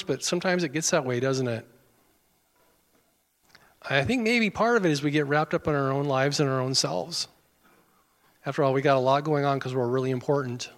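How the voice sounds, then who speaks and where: A man preaching a sermon as pastor, folksy and conversational with self-deprecating humor. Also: fairly high pitch. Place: church sanctuary. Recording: long hall reverb.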